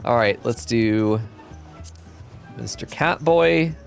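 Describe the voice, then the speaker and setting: A man casually chatting while streaming a game, relaxed and chatty, with occasional swearing. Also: mid-range voice, slow, gravelly, soft background music. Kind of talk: casual let's-play chat.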